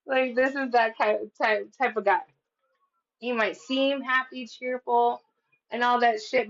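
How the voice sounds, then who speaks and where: A woman's voice: on the high side, muffled recording. A woman giving a casual tarot reading, talking in a chatty, profane way with lots of "like". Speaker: tarot reader.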